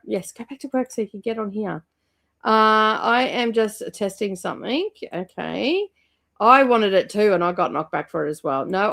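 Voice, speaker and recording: A woman's voice: medium pitch, creaky, a bit bright. A young woman hosting a casual book club livestream, chatty and rambling as she reads out viewer comments with lots of ums and laughs.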